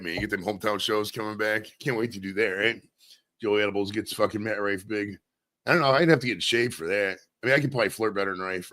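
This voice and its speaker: A man from Maine, voice on the low side, pushed and bright, hosts his own stream. He chats by himself in a rambling, easygoing manner with frequent cursing.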